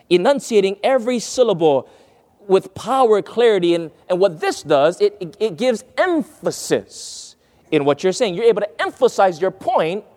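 An earnest man preaches a lesson on speaking. His voice sits high and swoops with wide, animated inflection. He asks his listeners questions and leans hard on key words. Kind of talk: sermon-style lesson.

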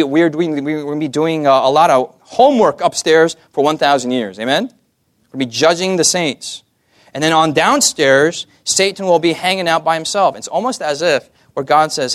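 Lively man preaching, dry close sound. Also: on the high side, no room sound. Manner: lively, asks the audience "amen?" often, jokey asides. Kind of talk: sermon.

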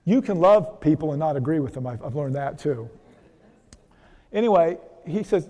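A man's voice: a little high, expressive, moderate pace, mellow. A man, a physician, giving a folksy health seminar to a church audience, telling stories and asking the crowd questions. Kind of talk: conversational seminar talk with storytelling. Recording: long hall reverb.

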